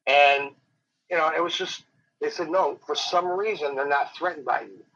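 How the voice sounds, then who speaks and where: Rambling storyteller, man with a husky, slightly high voice, dull lo-fi interview audio. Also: pushed and bright. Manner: rambling, dramatic, slows down for suspense. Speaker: professional wrestler guest. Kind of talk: animated storytelling.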